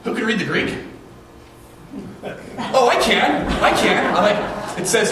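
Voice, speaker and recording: A man's voice: sits high, expressive, measured pace, pauses often, fairly bright tone, far from the mic, a little hiss or hum. Man preaching in a big echoey hall. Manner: conversational storytelling with rhetorical questions. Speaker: pastor. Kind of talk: sermon.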